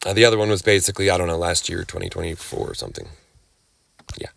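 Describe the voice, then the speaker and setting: A man's voice: low voice, fairly even intonation, a bit bright. A man lecturing casually from slides, rambling with restarts, sarcastic asides and occasional coughing. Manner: rambling, halting restarts, coughs and throat clearing. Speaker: cannabis rights lecturer.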